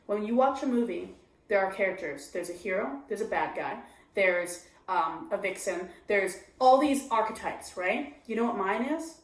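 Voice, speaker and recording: At a moderate pace and in a mid-range voice, a female stand-up opens up during an interview, confessional and animated. She plays out her own inner voice while speaking, recorded in an echoey room.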